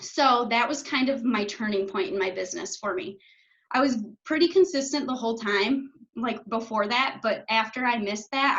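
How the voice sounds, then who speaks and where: A woman's voice: on the high side, a bit bright. Chatty young woman on a lo-fi call. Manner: chatty, fills speech with "like", swears when passionate. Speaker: coach. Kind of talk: casual talk on a video call. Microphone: video call.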